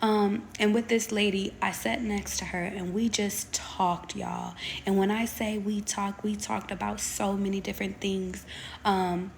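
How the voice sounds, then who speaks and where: A woman's voice: medium pitch, gravelly, a little hiss or hum. A young woman, a tarot reader, talking casually on a live stream, rambling with lots of ums and the odd swear.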